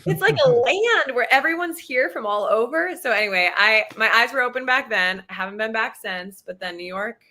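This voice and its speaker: Bright chatty woman on a video call, super grateful, lots of "like" and "um". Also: fairly high pitch, expressive, normal speed, few pauses. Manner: enthusiastic, grateful, chatty with many fillers. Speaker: actress guest. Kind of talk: casual interview chat.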